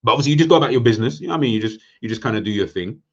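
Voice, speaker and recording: A man giving a casual, joking football roundup. He talks in animated slang and rambles with many restarts. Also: mid-range voice, rapid-fire, dull audio. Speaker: football pundit.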